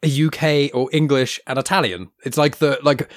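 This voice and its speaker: A man's voice: medium pitch, steady tone, normal speed, no room sound, studio quality. Easygoing man hosting a chat. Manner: easygoing, laughs along and chimes in. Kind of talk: casual conversation.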